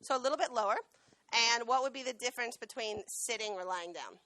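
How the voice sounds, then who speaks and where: Bright-voiced woman teaching a class. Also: a little high, brisk, no echo. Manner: lively, questions the students often. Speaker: dog trainer and veterinary technician. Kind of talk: classroom talk with a live dog demo. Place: school classroom.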